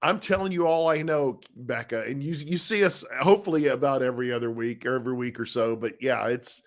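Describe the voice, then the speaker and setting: A man's voice: mid-range voice, a little fast. Easygoing middle-aged man, casual live chat. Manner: easygoing, rambling, with frequent restarts and laughs. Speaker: co-host of a live chat show, husband of the author. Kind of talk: casual live-stream chat reading viewer comments.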